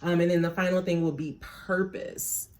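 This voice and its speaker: A woman's voice: lowish voice, steady tone, moderate pace, a little mellow. A woman giving a casual spiritual tarot reading on her phone, chatty and prayerful, with frequent laughing asides. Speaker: tarot reader.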